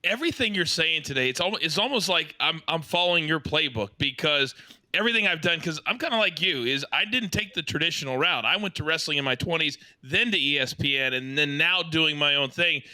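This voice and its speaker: Bright, dry-sounding interview host. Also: male voice, fairly high pitch, animated, a little fast, no echo. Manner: enthusiastic, talks in long winding questions. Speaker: podcast host. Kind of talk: casual interview.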